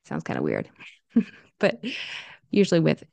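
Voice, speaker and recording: Woman pronunciation teacher, lowish gravelly voice, slow deliberate delivery, dry room. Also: a little mellow, no room sound. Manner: slow and deliberate, repeating example phrases. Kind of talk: casual spoken lesson.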